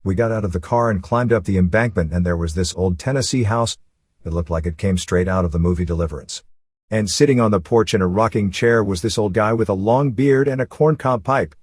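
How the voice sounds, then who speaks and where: A man narrating a first-person memoir in a steady, matter-of-fact storytelling way. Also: lowish voice, husky, no echo, clean studio sound.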